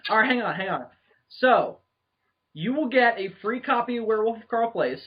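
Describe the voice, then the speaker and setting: A man hosting a podcast in casual chat, joking, swearing freely and getting excited. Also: extremely high pitch, normal speed, dull audio. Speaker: podcast host.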